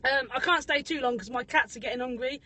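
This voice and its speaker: Cast: woman doing a rambling male cabbie with a shaky put-on South African accent, high voice, chatting into a phone in his car. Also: fast, bright, forceful tone, poor audio. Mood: cheery. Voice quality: rambling, repeats greetings, giggly asides. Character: chatty male taxi driver with ginger beard. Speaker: parody livestreamer. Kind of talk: improvised comic livestream parody. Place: inside a parked car. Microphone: phone livestream at arm's length.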